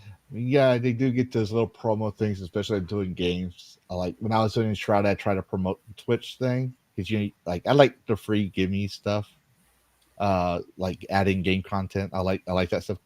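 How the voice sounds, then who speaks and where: A man with a fairly low voice hosts a loose, chatty livestream and rambles from one story to the next. He reads out viewer donations as they come in. The sound is dry and close, with no room around it. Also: steady tone, moderate pace, darkish tone, no echo. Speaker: stream host. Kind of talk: casual livestream chat.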